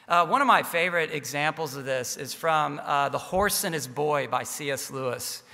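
A man's voice: sits high, bright, forceful tone. A man preaching a sermon, telling a story earnestly, his volume rising and falling. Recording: long reverb of a large hall.

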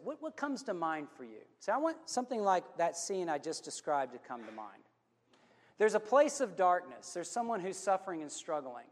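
A man's voice: high voice, in a large hall. A man preaching a sermon as a pastor, telling a story in an earnest, conversational way.

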